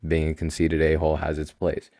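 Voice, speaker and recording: A young man with a very deep, low voice hosts his own podcast and rambles through it with easy self-assurance. His delivery is slow, calm and soothing, with quiet asides and emphatic bursts. The sound is dry and close, with no room around it. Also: dry recording. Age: young adult. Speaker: podcast host. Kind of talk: casual solo podcast monologue.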